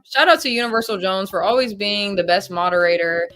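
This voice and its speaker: A young woman hosting a casual live stream open panel, bubbly and quick as she announces players. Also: mid-range voice, a bit bright, faint music behind. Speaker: stream host. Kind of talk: casual livestream chat.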